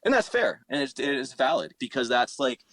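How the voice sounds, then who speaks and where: Man in his thirties, casual chat, swears constantly, lively up-and-down delivery, dry close sound. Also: mid-range voice, fairly quick, no room sound, low-quality recording. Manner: swears a lot, animated, acts out quotes. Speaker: podcast guest, musician.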